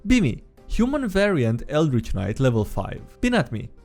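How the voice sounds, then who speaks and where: A man reads gaming stories aloud, breaking off to laugh and comment. His pitch swings widely as he goes. Faint music plays behind his voice. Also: moderate pace, gravelly. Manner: laughs often, animated asides. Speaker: narrator reading stories.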